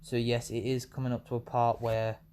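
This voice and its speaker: A man's voice: mid-range voice, flat delivery, brisk, a little mellow. Rambling, swearing young man. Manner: rambling, self-correcting, swears freely. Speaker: vlogger. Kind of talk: casual rambling retelling of a fan story.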